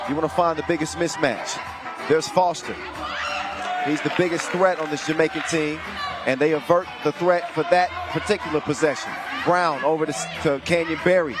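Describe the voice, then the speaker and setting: A man calling a basketball game live, shouting with excitement and playful wordplay. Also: on the high side, normal speed, background noise. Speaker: play-by-play commentator. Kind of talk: excitable sports commentary. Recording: loud arena crowd and music behind. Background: crowd and music.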